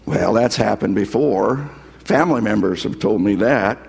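A man's voice: fairly low pitch, normal speed, creaky, a little mellow, slightly rough, in a large hall. A man preaching a sermon as a pastor, earnestly telling stories and quoting scripture. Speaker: pastor and hospital chaplain.

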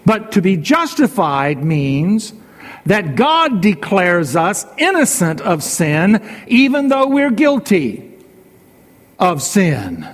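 A man preaching a sermon as a pastor, measured and repetitive, leaning on slow emphatic phrases. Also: high-pitched, sing-song. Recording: long hall reverb.

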